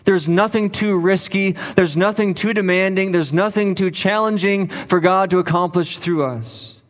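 A man preaching from the pulpit, his voice sitting a little higher than most men's. He presses his points through repetition and steady emphasis, and the words ring out with a long reverb behind them. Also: normal speed. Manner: earnest, emphatic preaching with repeated phrases. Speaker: pastor. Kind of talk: sermon.

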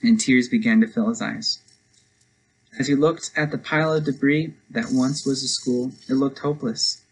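A man's voice: mid-range voice, fairly even intonation, normal speed, a little hiss or hum, low-quality recording. A man preaching a devotional sermon, telling a story earnestly and then leading a prayer. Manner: earnest storytelling, speeds up for quoted lines.

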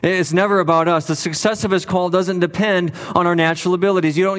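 A man's voice: high voice, long reverb tail. A male pastor preaching a sermon in an earnest, emphatic way, leaning on repeated phrases for weight.

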